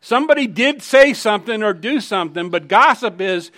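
A man's voice: high-pitched, lively intonation, a little fast, fairly bright tone. A middle-aged man preaching a sermon, conversational and emphatic, telling personal stories. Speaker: pastor.

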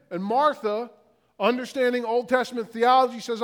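Male pastor, middle-aged, raised voice, slow stacked rhetorical questions, long hall reverb. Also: very high-pitched, fairly even intonation. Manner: questions repeated in a slow, building list. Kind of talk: sermon.

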